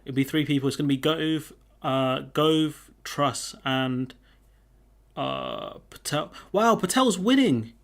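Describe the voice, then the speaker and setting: A man's voice: medium pitch, lively intonation, slow, vocal fry. A man hosting a casual live stream, chatting with viewers and reading their comments aloud. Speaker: livestream host.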